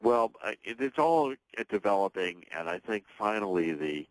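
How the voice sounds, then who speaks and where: Very low-voiced man giving emphatic commentary. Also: big pitch swings, normal speed, dry recording, low-quality recording. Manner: emphatic, talks in long runs with restarts. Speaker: guest author and political commentator. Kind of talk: talk radio interview.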